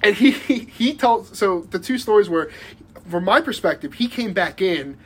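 A man's voice: high voice, animated, moderate pace, a bit bright, husky. A young man telling a rambling story in casual podcast chat, full of likes and restarts and laughing as he goes. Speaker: podcast guest.

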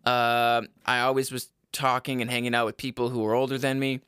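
A man's voice: medium pitch, level tone, brisk, a bit bright, clean tone, no room sound, studio quality. A young man hosting a casual solo podcast, rambling and profane, drifting into side notes and laughing at himself. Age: young adult. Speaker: podcast host.

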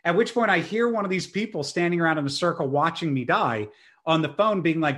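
A young man telling a story in a casual chat, animated and self-mocking. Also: on the high side, a little fast.

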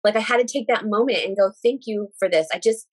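A woman in her thirties talks quickly through a personal story, her pitch sitting in an average middle range. She retells events with animated emotion, slipping into the voices of the people she quotes and using thankful, religious phrasing. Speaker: guest sharing a personal story. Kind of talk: casual storytelling conversation.

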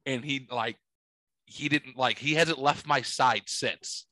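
A man's voice: mid-range voice, slow, no room sound, poor audio. A man in his forties telling a long story in casual chat, rambling and full of swearing. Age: 40s. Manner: profane, rambling, animated storyteller.

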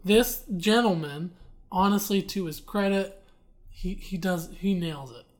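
A woman's voice: lowish voice, a little slow. Opinionated woman podcast co-host. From Eastern Pennsylvania. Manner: explanatory, playfully opinionated, talks through laughs. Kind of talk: casual chat.

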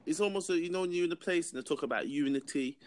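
A man's voice: on the high side, rapid-fire, darkish tone. A man from in a casual chat, laid-back, telling a story in street slang.

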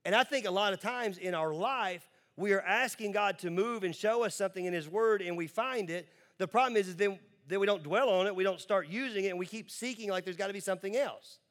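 Preaching to his congregation, a male pastor uses a somewhat high, slightly bright voice. He's emphatic, switching between quick asides and slowly stretched-out words.

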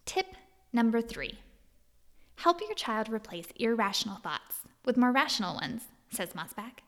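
A woman's voice: on the high side, very animated, measured pace, a bit bright, big-room sound. A woman narrating an article, reading out numbered tips and attributing quotes. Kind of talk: scripted narration.

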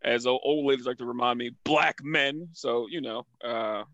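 Male comic, 30s, bright tone, dry mic, lively anecdote teller. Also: normal speed, no room sound, highs cut off. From Philadelphia. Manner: animated storyteller, high put-on voices in anecdotes. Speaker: guest comedian. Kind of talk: casual podcast chat.

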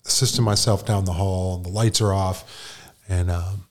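A middle-aged man from New York speaks as a guest, spinning a personal story in easygoing, slangy talk. His voice sits a little low. He keeps slipping into the voices of the people he quotes. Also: fairly even intonation, normal speed. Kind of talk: casual storytelling.

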